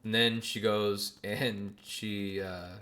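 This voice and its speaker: A man in his twenties, a podcast host telling a story in a casual, animated way, swearing and using slang freely. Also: on the low side, takes it slowly.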